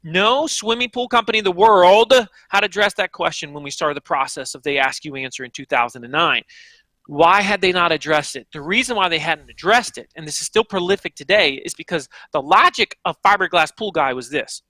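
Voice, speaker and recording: High, bright-voiced energetic man. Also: brisk, no echo. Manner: animated, emphatic, speaks straight to the audience. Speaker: author and guest. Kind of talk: energetic interview answers.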